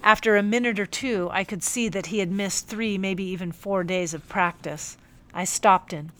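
A woman narrating a first-person audiobook in a calm, measured storytelling manner on a close microphone. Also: mid-range voice.

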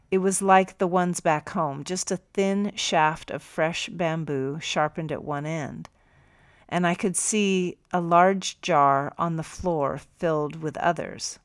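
A woman narrating a first-person story for an audiobook in a calm, measured way. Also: deep voice, no room sound, clean studio sound.

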